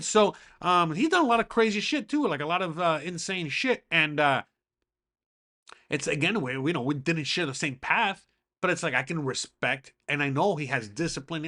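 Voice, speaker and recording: Rambling, profane man with a high-pitched voice. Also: bright, forceful tone. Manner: rambling, profane, heavy on fillers. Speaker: podcast host. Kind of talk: casual monologue.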